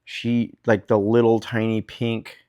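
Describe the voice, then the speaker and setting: A man's voice: lowish voice, monotone, a little slow, dark tone. A man co-hosting a podcast, chatting casually and dropping short, wry quips. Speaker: podcast co-host. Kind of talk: casual chat.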